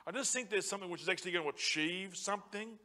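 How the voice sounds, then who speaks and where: A man preaching a sermon as pastor in a church, passionate and building to loud emphatic repetition. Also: sits high, racing. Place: church auditorium.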